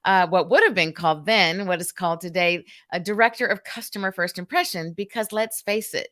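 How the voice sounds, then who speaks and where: A woman's voice: lowish voice, brisk, fairly bright tone. An older woman from Georgia hosting a live-stream talk, speaking straight to viewers, acting out phone greetings and reading their comments aloud. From Columbus, Georgia. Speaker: host of a live customer experience show.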